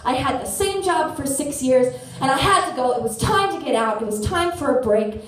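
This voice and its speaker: Animated woman telling a story on stage. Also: sits high, far from the mic. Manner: animated, self-mocking, quick shifts into voices. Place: theater stage. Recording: echoey theater, voice from afar.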